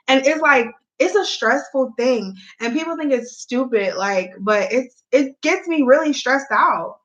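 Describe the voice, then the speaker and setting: A woman's voice: a little high, lively intonation, normal speed, few pauses, a bit bright, lo-fi sound. A young woman chatting candidly to her viewers at home, a mom vlogging in casual Southern-style speech. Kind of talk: casual chat.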